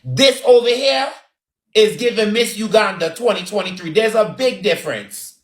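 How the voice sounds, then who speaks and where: A man's voice: high voice, animated, moderate pace. A man with a Barbadian accent giving sassy, dramatic roasting commentary with lots of repetition. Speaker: online commentator. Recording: roomy echo.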